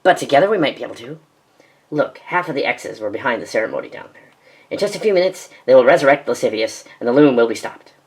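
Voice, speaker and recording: Low-voiced woman performing a sci-fi fan drama. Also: expressive. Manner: quick-switching, sarcastic, melodramatic. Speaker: narrator and voice actor. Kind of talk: fan audio drama, reading many parts.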